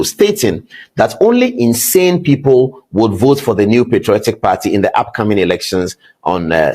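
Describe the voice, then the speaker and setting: A man's voice: darkish tone, breathy edge. A man with a Ghanaian accent hosting a TV show, delivering emphatic, rhetorical commentary. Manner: emphatic, rhetorical, pitch swinging widely. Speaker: TV show host. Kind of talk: impassioned commentary.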